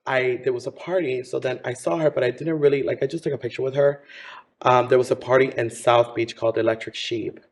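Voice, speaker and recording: A man in his thirties, a drag performer from Miami, chats campily in a casual interview and keeps calling people "honey." His voice is medium-pitched and steady, and he talks fairly quickly.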